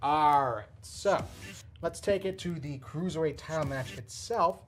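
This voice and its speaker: A man hosting a casual podcast, explaining a storyline in a rambling, excitable way with frequent restarts. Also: a little high, measured pace, faint music behind. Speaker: podcast host. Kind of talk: casual wrestling chat.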